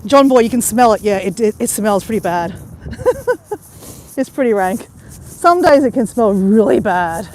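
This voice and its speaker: Middle-aged Australian woman, high and animated, casual live-stream chat into a phone on an outdoor walk. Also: a little hiss or hum. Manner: chatty, greets viewers, quick to laugh. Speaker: vlogger livestreaming a walk. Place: outdoors on a waterside path. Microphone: phone held while walking.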